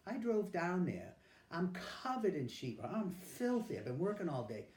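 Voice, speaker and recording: In an echoey room, an older veteran candidly tells an interviewer his life story, acting out people's words. His voice is high-pitched and sing-song, a little mellow, at normal speed.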